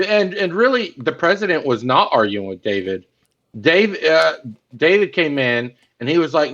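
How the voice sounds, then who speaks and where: A man's voice: fairly high pitch, big pitch swings, normal speed, fairly bright tone. A man, co-hosting a podcast and retelling movie scenes in casual chat. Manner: retells scenes, acting out quotes. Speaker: podcast co-host. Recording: dull lo-fi sound.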